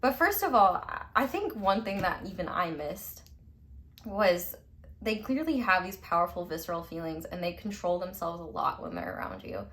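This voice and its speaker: A woman's voice: on the low side, big pitch swings, normal speed, a bit bright. A woman giving a casual pick-a-card tarot reading, chatty and emphatic, peppering her talk with "like", casual swearing and frequent laughter. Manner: laughs often between remarks. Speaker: tarot reader.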